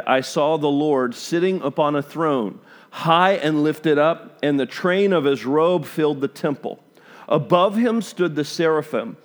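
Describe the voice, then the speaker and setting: A middle-aged man preaching a sermon, reading scripture and acting out reactions with emphatic exclamations. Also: mid-range voice.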